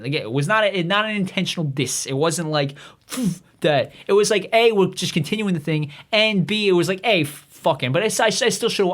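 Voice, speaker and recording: A man's voice: high voice, a bit bright. A man hosting a comedy podcast, rambling through a profane monologue with many restarts. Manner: acts out quoted voices in his own voice. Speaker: podcast host.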